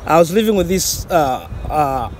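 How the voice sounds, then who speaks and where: A man's voice: on the high side, big pitch swings, normal speed, darkish tone, slight background noise. A man from Zambia casually telling a personal story, rambling with many restarts and fillers and laughing at himself. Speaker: vlogger.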